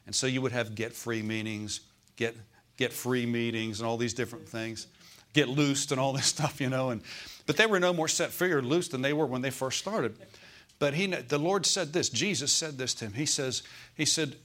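A man's voice: mid-range voice, normal speed, a bit bright. A middle-aged man preaching a sermon, repeating phrases for emphasis and asking his listeners for amens.

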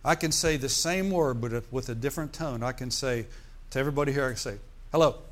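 A fast-talking, medium-pitched middle-aged pastor delivers a sermon. He keeps throwing "amen" and "hallelujah" to the congregation in call-and-response fashion.

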